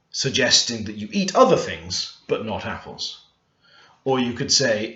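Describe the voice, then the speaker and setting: Thinking aloud over a screen recording, a language learner teaches a grammar lesson and puts stress on the words of his example sentences. His medium-pitched voice sounds pushed and bright, moving at a moderate pace. The recording is lo-fi and dull, made in an echoey room.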